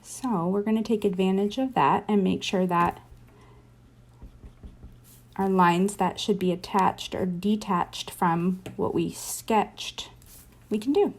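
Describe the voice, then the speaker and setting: A woman teaching a relaxed doodling lesson, narrating each pencil stroke in a chatty way. She keeps up a steady stream of encouragement and thinks aloud as she sketches. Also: mid-range voice, takes it slowly, long pauses. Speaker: drawing teacher. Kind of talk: casual drawing tutorial.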